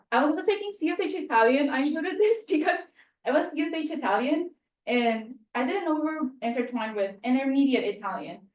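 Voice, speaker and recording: A young woman from Mexico talks through her year as a student presenter, in a loose, chatty way full of "like" and "um". Her voice sits a little high. It carries with a roomy echo, picked up from some distance away from the mic. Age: young adult. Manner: chatty, filler-heavy and self-deprecating. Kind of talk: spoken end-of-year presentation. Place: room at a university. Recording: echoey room, mic set at a distance.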